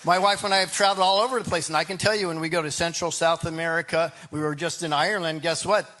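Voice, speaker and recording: A man's voice: on the high side, fairly even intonation, fast, sharp tone. A man gives a debate answer in a loose, rambling way. He restarts his sentences and keeps tossing in "right?" to the crowd. His voice sits a little above the usual male range. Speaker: political candidate.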